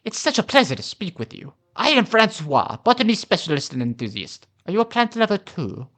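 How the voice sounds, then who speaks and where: A man voicing a gentle male botany enthusiast from a video game, earnest and dreamy. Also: on the high side, sing-song, fairly quick, voice pushed up.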